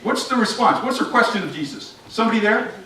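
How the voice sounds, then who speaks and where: Speaking fast in a high voice, a pastor delivers an animated sermon, asking the congregation questions and acting out scenes. The church sanctuary sounds echoey, captured from a distant microphone.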